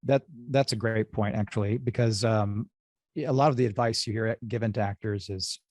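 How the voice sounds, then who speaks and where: A man's voice: fairly low pitch, steady tone, normal speed, a little mellow, no room sound. A man co-hosting a casual interview, agreeable and encouraging toward his guest. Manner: agreeable, encouraging, laughs along. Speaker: podcast co-host.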